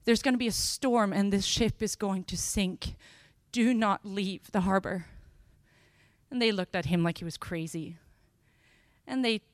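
A woman preaching a sermon, telling Bible scenes with lively voices and slowing down on key phrases. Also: mid-range voice, no room sound, clean studio sound. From Sweden. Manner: expressive, acts out scenes with sudden loud bursts.

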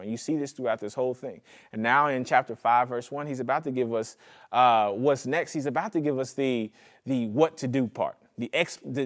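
Animated man preaching a sermon. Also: medium pitch. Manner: animated, conversational preaching with jokes and audience prompts. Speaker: pastor.

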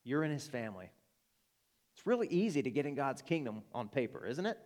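A man's voice: mid-range voice, animated, fairly quick, darkish tone. A man with an Arkansas accent preaching a sermon to his church, earnest and emphatic, building to passionate appeals. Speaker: pastor.

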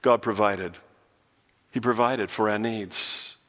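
A man's voice: lowish voice, steady tone, slow pace, a bit bright, long reverb tail. A male pastor from New Zealand preaching a sermon, telling stories and often repeating words as he restarts a phrase.

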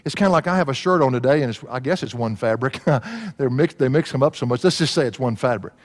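A man's voice: medium pitch, expressive, fast. A man preaching a sermon, folksy and laughing at his own stories. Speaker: pastor. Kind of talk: sermon with storytelling. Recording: long hall reverb.

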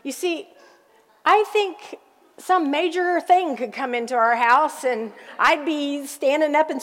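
A middle-aged woman pastor preaching a sermon, telling family stories with lively asides to the congregation. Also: sits high, in a large hall.

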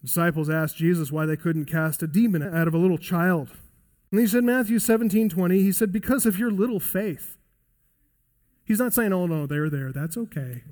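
A man preaching a sermon as pastor-teacher, earnest and expository, slowing down to stress key points. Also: sits high, steady tone, darkish tone. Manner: earnest expository preaching, varies pace for emphasis.

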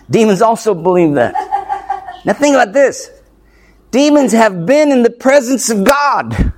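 A man's voice: high voice, darkish tone. A male pastor preaching an expository sermon, emphatic and punchy, firing off rhetorical questions and tossing in playful asides. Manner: playful asides with light laughs.

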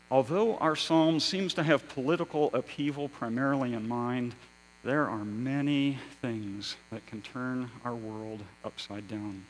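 A male pastor delivers a sermon at an unhurried, deliberate pace. His voice sits at a middle pitch, swelling for emphasis and then sinking to near-quiet. A faint electrical hum runs under the recording. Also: rough recording. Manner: slow, measured preaching with rising emphasis and hushed endings.

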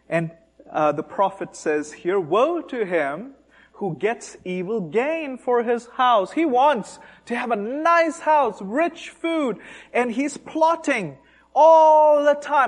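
A man preaching a sermon, speaking with animated, mocking emphasis and asking rhetorical questions. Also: high-pitched, takes it slowly.

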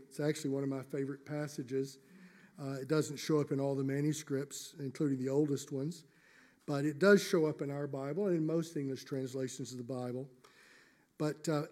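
A man preaching a sermon as pastor, earnest and emphatic, slowing down to stress key phrases and sometimes dropping to a soft near-whisper. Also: a little high.

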